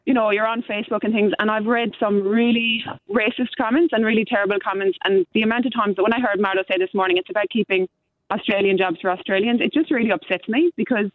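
A woman's voice: mid-range voice, fairly even intonation, fast, dry recording. An Irish woman calling in to a talkback radio show, speaking earnestly and pushing back with passion. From Ireland. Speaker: caller. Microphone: telephone. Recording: tinny phone line.

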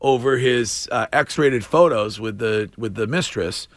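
A man hosting a talk radio show, chatting casually in a halting way, full of fillers and easy laughs. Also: mid-range voice, no room sound, studio quality. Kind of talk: casual chat.

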